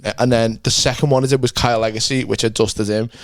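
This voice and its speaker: A young male comedian chatting on a podcast. He tells rowdy, crude stories at a mid-range pitch and breaks into laughter often. His voice sits close to the mic in a dry, dead room. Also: fast, dry recording. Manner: crude, animated storytelling with frequent laughter. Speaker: podcast co-host and stand-up comedian. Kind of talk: casual chat.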